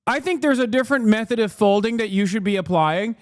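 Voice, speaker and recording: A man's voice: fast talker, no room sound, studio quality, natural voice. A man mimicking a snooty nitpicking customer. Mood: mocking. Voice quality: high mocking put-on voice. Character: nitpicking entitled busybody customer, adult, snooty.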